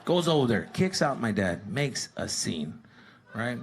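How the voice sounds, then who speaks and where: A man from Arizona doing animated, profane stand-up comedy storytelling. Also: mid-range voice, measured pace, creaky. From Tucson, Arizona. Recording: live stage with crowd noise.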